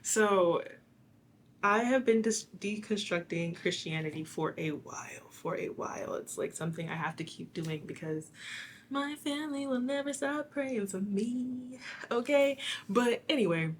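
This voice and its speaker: A young woman talks through a tarot reading in a loose, rambling way, leaning on "like" as she goes. Her mid-pitched voice sounds a little hoarse and raspy. A faint hiss sits under the recording. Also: lively intonation, a little slow. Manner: rambling and chatty, full of "like". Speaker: tarot reader. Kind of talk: casual one-on-one tarot reading.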